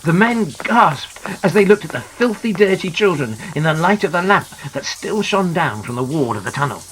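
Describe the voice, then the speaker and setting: Expressive man narrating an adventure storybook. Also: fairly high pitch, normal speed, rough recording. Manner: dramatic, very expressive. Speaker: audiobook narrator. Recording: narration over clear music.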